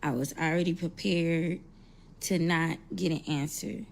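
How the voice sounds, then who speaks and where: Mother, emotional and tearful, low gravelly voice, slow halting delivery, faint background hiss. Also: fairly even intonation. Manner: slow, halting, holding back tears. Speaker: mother sharing news. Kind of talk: emotional personal account.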